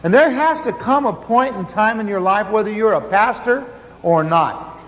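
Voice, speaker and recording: High-voiced male preacher in a hall. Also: expressive, normal speed. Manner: earnest storytelling with frequent restarts and fillers. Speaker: pastor. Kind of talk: sermon. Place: large conference hall. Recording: conference hall reverb, faint noise.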